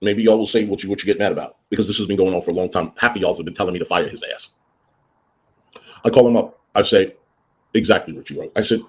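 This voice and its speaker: A man's voice: quick pace, breathy edge. A man telling a story casually on a livestream, ranting and acting out both sides of an argument. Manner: animated, rants and acts out both sides of arguments; greets viewers in a high sing-song voice. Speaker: livestream host.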